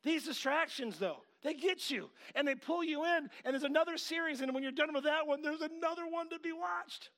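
A middle-aged man preaching with a high-pitched voice. He talks in an animated way, jumping from loud, pushing outbursts to quiet asides. He often slips into quoted voices as he tells a story. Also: fairly quick, hardly any pauses. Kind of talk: sermon.

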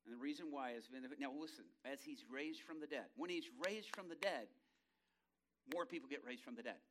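A male pastor preaching a lively sermon, acting out scenes in voices and ending in a hushed prayer. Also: medium pitch, brisk, a little hiss or hum.

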